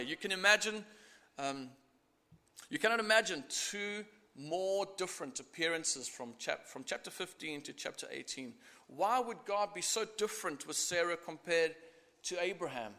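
A middle-aged man preaching a sermon, earnest and expressive, acting out the scripture as he goes. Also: fairly high pitch. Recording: echoey hall.

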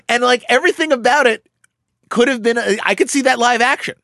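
A man chatting casually as a podcast co-host, telling stories with animated bursts and fillers. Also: no room sound, clean studio sound. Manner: animated storyteller, quick bursts, drops into low voices for quoted characters. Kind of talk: casual chat.

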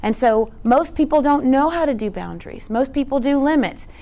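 A woman's voice: high voice, expressive, normal speed, mellow. A woman presenting a teaching talk in an earnest, conversational way, often asking rhetorical questions. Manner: conversational, frequent rhetorical "right?"; earnest, emphatic.

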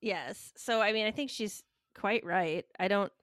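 A woman's voice: mid-range voice, measured pace, fairly bright tone, dry recording, studio quality. A woman co-hosting a casual wrestling podcast, enthusiastic, chatty and giggly. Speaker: podcast co-host.

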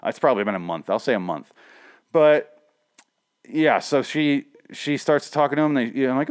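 A man's voice: medium pitch, moderate pace, clean tone. A young man recapping a comic book in a casual, rambling way, swearing often and leaning on fillers. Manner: profane, rambling, with frequent fillers.

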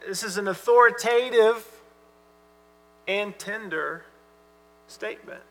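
Pastor, male, bright high voice, earnest emphatic sermon delivery, long hall reverb and mains hum. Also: moderate pace, long pauses. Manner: earnest, emphatic preaching with soft asides.

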